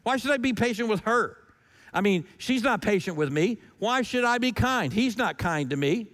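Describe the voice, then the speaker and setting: A man with a notably high voice preaches a sermon with emphasis, driving his points home through repetition and rhetorical questions. His voice rings out with a long reverb, as if in a large hall. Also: expressive, moderate pace, a bit bright. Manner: emphatic, repeats key lines, rhetorical questions. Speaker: pastor.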